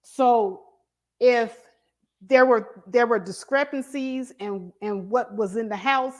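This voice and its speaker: A woman's voice: a little high, slow, a little mellow. A middle-aged woman hosting a casual commentary chat over an online call, talking in a blunt, emphatic way. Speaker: host.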